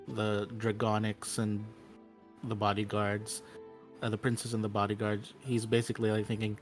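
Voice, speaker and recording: A man playing in a tabletop game, describing his character's actions hesitantly, with many fillers. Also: fairly low pitch. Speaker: player.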